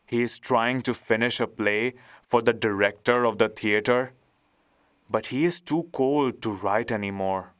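A man reading a fairy tale aloud in a gentle, measured way. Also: mid-range voice, smooth, no echo. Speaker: narrator. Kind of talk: storybook reading.

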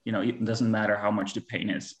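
A man's voice: lowish voice, steady tone, a little fast. A man speaking as a relationship coach on a podcast, earnest and reflective, often restarting his sentences. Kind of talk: casual podcast conversation.

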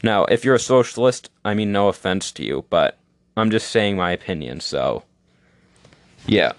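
A young man holds forth in a casual monologue. His voice sits on the low side and the recording is dry and close. He rambles, full of "like" and restarts, sure of his opinions. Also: expressive, normal speed, dry recording. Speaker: podcast host.

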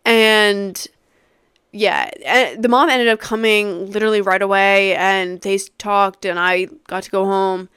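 A woman in her twenties hosting a podcast, telling a story in a casual, animated way, swearing freely and using many fillers. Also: mid-range voice, unhurried, smooth, no echo, studio quality. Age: 20s. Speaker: podcast host.

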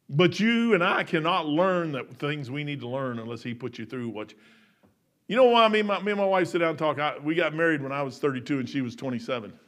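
A man in his fifties preaching a sermon, folksy and storytelling, acting out dialogue and swinging between loud emphasis and soft asides. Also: a little high. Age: 50s.

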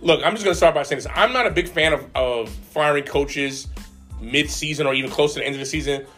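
A man with a fairly high, bright voice rattles off his sports opinions at a quick clip. He talks emotionally and restarts his sentences often. Faint music sits under the chat. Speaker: podcast co-host.

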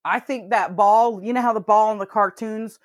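A woman's voice: medium pitch, steady tone, normal speed, no room sound, studio quality. A woman co-hosting a podcast, chatting casually and telling stories full of swearing and laughter. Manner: swearing storyteller, laughs often. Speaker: podcast co-host. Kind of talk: casual chat.

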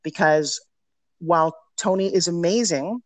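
A woman's voice: fairly low pitch, measured pace, no echo. Middle-aged woman guest on an interview, punchy emphatic storyteller, dry close sound. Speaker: podcast guest, personal development teacher.

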